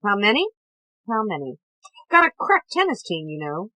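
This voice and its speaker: A woman's voice: mid-range voice, huge pitch swings, normal speed, pushed and bright, dry recording, full character voice, poor audio. A woman reading a bluff, boastful middle-aged man who talks in clipped, old-fashioned slang.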